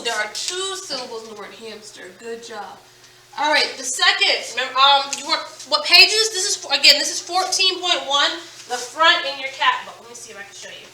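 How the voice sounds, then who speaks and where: High, bright-voiced woman teaching phonics. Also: a little hiss or hum. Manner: slow, emphatic, repeats words and sounds. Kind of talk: phonics lesson for children. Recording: echoey room, mic at a distance.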